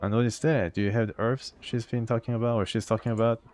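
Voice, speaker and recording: A man's voice: medium pitch, flat delivery, quick pace, darkish tone. A man casually playing through a video game, reading its text aloud and chatting about it. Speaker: gamer.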